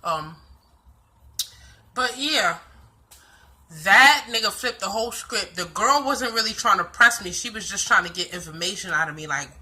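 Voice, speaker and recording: A young woman from the Bronx with a New York accent, talking straight to the camera. Her voice is very bright and sits at a middling pitch. She tells the story bluntly, full of profanity and street slang. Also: animated, moderate pace, long pauses. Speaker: vlogger.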